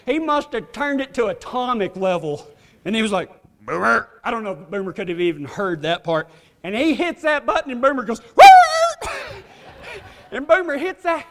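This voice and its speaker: A man with an extremely high-pitched, fairly bright voice delivers a folksy, humorous sermon in a church hall. He tells a story with drawling asides and laughs along, and the recording carries a long hall reverb.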